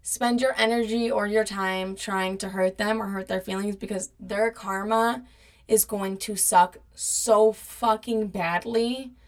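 A woman's voice: medium pitch, a little slow. A young woman telling a personal story in a casual monologue, swearing often and acting out the people she quotes. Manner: profane, animated retelling with quoted voices.

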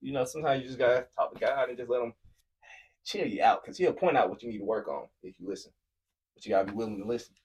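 A man co-hosting a casual faith-based podcast with his wife, telling lively everyday stories and acting out the dialogue. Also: medium pitch, fast, husky, highs cut off. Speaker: podcast co-host, husband.

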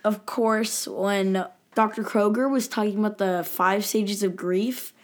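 A woman co-hosting a casual recap chat in a relaxed, easygoing way. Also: medium pitch, unhurried. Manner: relaxed, easygoing, laughs often. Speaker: podcast co-host.

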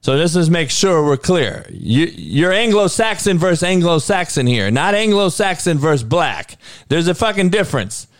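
A man's voice: fairly high pitch, expressive, normal speed, no room sound, studio quality. A man hosting a livestream, talking to his chat in a heated, profane way, firing off rhetorical questions and often stumbling over restarts. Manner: frequent restarts and stammered repeats. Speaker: livestream host. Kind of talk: casual livestream talk answering chat.

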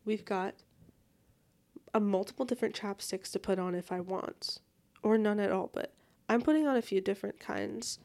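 Bubbly young woman rambling on her solo podcast from bed, middle pitch, super casual. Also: normal speed, a little mellow. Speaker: podcast host. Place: lying in bed at home.

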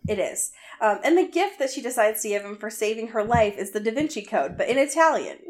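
A woman's voice: a little high, very animated, brisk. A young woman co-hosting a podcast, recapping a book in a casual, sarcastic way with lots of "um" and "like" and some swearing. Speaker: podcast co-host.

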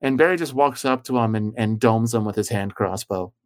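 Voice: mid-range voice, brisk. A game master casually narrating a tabletop game, hesitant and prone to fillers.

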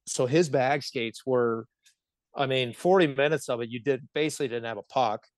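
A man in his thirties from the Pittsburgh area, a hockey player telling animated stories as a podcast guest, laughing often and swearing freely. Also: medium pitch, normal speed, no room sound. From Pittsburgh area, United States. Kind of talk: casual podcast storytelling.

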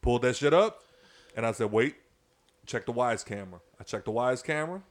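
A man in a casual podcast chat, his voice sitting at an ordinary middle pitch as he spins loose, rambling stories. He swears freely and keeps circling back to the point. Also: lively intonation, brisk. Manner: profane, rambling storyteller. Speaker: podcast co-host. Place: podcast room.

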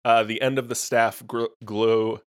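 A man's voice: on the low side, little pitch movement, clean tone. A man narrating a tabletop game as game master, casual and often stumbling over his words. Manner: halting, casual, self-correcting.

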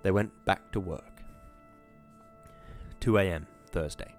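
A man reading a story aloud in steady, measured audiobook narration. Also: low-pitched, faint music behind.

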